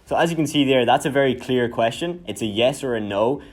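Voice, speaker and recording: A man's voice: mid-range voice, a little fast. Young guy from ireland teaching marketing, chatty and upbeat, keeps saying right. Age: 20s. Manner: energetic, conversational, says "right?" often. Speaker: marketing coach. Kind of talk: casual instructional talk.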